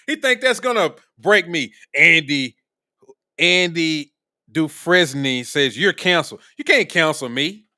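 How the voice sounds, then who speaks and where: A man's voice: fairly high pitch, lively intonation, takes it slowly, pushed and bright. A man hosting a live political commentary stream, talking in a blunt, profane, combative way. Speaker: streamer host.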